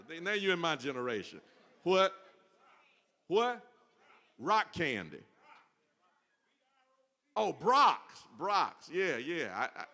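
Bright-voiced preacher, playful and repetitive. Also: male voice, fairly high pitch, in a large hall. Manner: playful, repeats phrases, banters with congregation. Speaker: pastor. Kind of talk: informal sermon. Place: church service.

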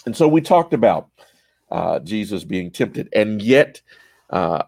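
A man teaching a church Bible study, halting and explanatory, with frequent fillers and repeated words. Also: on the low side, big pitch swings, gravelly, darkish tone, no echo.

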